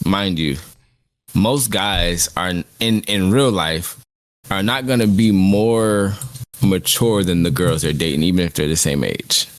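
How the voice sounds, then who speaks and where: A man's voice: sits low, a little slow, no room sound. A man co-hosting a casual anime podcast. He reasons through his views in a reflective, slangy way. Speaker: podcast co-host.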